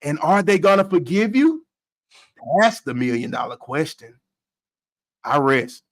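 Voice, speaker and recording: A man co-hosting a podcast, giving a loud, preachy mock-trial argument, laughing often. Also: a little high, big pitch swings, measured pace, rough recording. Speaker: podcast co-host arguing the defense.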